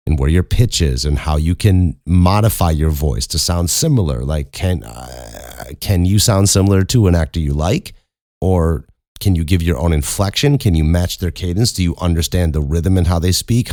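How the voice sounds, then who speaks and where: A man with a Chicago accent and a strikingly deep, low voice hosts a podcast. He talks candidly and casually and stumbles over restarts as he thinks aloud. The sound is dry and close-miked, with no room echo. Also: a little mellow. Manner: candid, conversational, with frequent restarts. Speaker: podcast host and voice actor. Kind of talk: casual advice talk.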